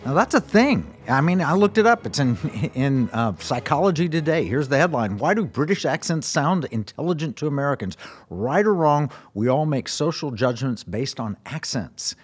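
A man's voice: fairly high pitch, sing-song, normal speed, slightly rough, faint music behind. A man hosting a radio talk show, speaking with enthusiasm as he reads quotes aloud and introduces his guest.

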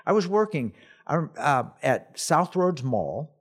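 A man hosting a faith talk show, telling a personal story in an animated way and acting out the people in it. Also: on the high side, slow pace, breathy edge. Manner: animated storyteller, acts out quoted voices. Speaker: host. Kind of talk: casual storytelling chat.

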